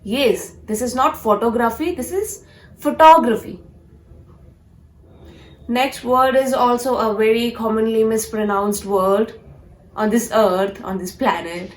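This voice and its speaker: Woman, pronunciation teacher, slow careful delivery, repeats words, echoey room. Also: a little high, fairly even intonation. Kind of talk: pronunciation lesson.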